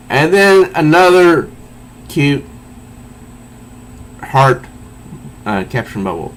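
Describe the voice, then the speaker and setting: A man talks through a comic issue at a slow, easy pace, stopping and restarting as he reads the speech bubbles aloud. His pitch sits in the middle, and a faint hum of air conditioning runs behind him. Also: poor audio. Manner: halting, restarts, reads dialogue in a flat voice, chuckles at jokes. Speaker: comic book reviewer. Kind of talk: casual comic review, reading panels aloud.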